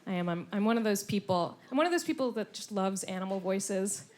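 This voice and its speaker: A woman performing a stand-up comedy set on stage, animated, slipping into silly voices. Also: mid-range voice, brisk. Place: comedy club stage before a laughing audience.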